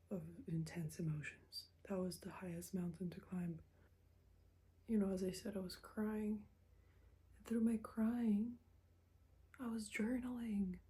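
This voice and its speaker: A young woman rambles candidly to her camera in a relaxed vlog. Her voice is mellow and warm at a middle pitch. She often dips into soft whispers. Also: low-quality recording. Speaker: vlogger. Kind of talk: casual confessional vlog.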